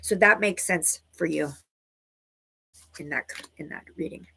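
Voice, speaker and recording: A woman's voice: low-pitched, a little slow, creaky, bright, forceful tone, slightly rough. A woman teaching a live online tarot class and giving intuitive readings to viewers, talking loosely and searching for her words, with frequent "right?" asides.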